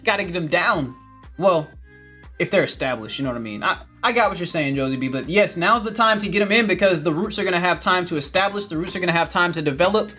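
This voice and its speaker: A man's voice: high-pitched, lively intonation, fast, sharp tone, soft background music. A man, hosting a casual livestream, upbeat and laughing often as he reads viewer comments. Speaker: livestream host reading chat.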